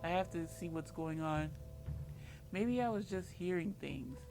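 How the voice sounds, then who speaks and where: A woman's voice: on the low side, measured pace. A woman reading visual novel narration aloud, often tripping over words and correcting herself. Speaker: game streamer reading dialogue aloud. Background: game music.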